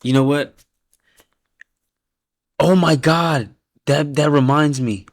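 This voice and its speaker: A man hosting a casual reaction stream who rates viewers' team picks, talking bluntly and with lots of swearing, laughing often and dropping to a low mumble when he reads out names. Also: slow pace, no room sound, studio quality. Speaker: host reacting to viewers' fan-picked football teams.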